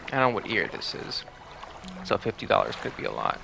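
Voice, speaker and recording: A man playing a game on video, reading the game's dialogue aloud with his own asides and quiet mutters, game music behind. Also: fairly low pitch, huge pitch swings, fairly quick, vocal fry. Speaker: gaming video host. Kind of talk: let's play, reading game text aloud.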